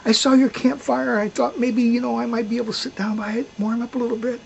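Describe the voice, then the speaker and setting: A man's voice: very high-pitched, flat delivery, fast, gravelly, a little hiss or hum, voice pushed up. A man putting on a poor, timid old man who stumbles over his words in a storybook tale. His voice drops to a trembling whisper when he begs, set against faint background ambience. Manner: stammering, pleading, breaks into whispers.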